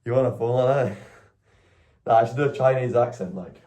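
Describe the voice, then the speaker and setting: A man's voice: mid-range voice, fairly quick, dark tone. A young man chatting casually on a live stream, rambling, correcting himself and swearing often. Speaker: IRL streamer.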